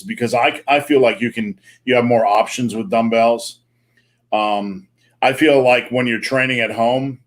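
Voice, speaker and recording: A man hosting a live online Q&A, chatting casually and joking, with plenty of fillers. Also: fairly low pitch. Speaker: host. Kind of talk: live-stream Q&A chat.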